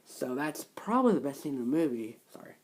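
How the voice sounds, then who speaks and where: A man's voice: medium pitch, big pitch swings, brisk, low-quality recording. A young man casually reviewing a film, retelling scenes in a rambling way, full of fillers and "like.". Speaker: movie reviewer.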